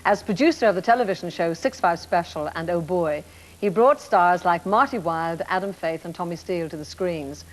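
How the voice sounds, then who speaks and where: Woman, talk show host, fairly low voice, studio interview. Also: moderate pace, poor audio.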